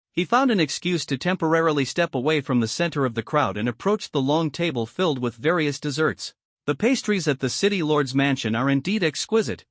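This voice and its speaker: A man narrating a comic story recap in a smooth, scripted reading. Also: fairly high pitch, dry recording, studio quality.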